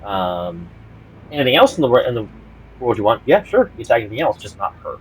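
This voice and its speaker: A man's voice: medium pitch, very animated, fast, slight background noise, low-quality recording. A man narrating as game master of a tabletop game, hesitant, with lots of ums and restarts.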